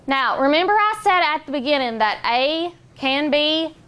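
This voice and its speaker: A young woman teaching a phonics lesson in a classroom, patient and encouraging, sounding out words slowly. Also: high voice, animated, fairly bright tone.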